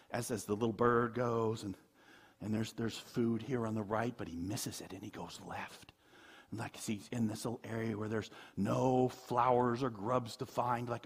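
A man preaching a sermon, animated, with laughing asides, acting out quoted voices. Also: medium pitch, moderate pace, breathy edge. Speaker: pastor.

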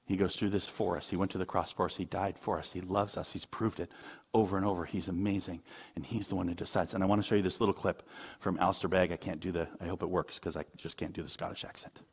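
A man preaching a sermon, moving from quiet asides to loud, high-pitched emphasis. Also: little pitch movement, fast, slightly rough. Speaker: pastor.

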